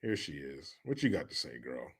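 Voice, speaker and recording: A man's voice: extremely low pitch, big pitch swings, normal speed, a bit bright, breathy edge. Joking man hosting a livestream. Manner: loose and joking, reads chat aloud. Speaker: livestream host. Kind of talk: casual livestream commentary.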